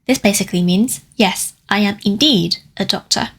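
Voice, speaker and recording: A woman language teacher giving a scripted lesson, explaining grammar clearly and slowing down to sound out example phrases. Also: medium pitch. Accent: Cantonese. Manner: clear, careful explanations with slowed Cantonese examples.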